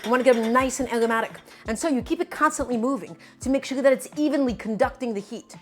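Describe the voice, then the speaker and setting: A woman's voice: fairly high pitch, fast, soft background music. A woman streaming a live cooking demonstration, talking animatedly to viewers as her friends and repeating her points with emphasis. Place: home kitchen.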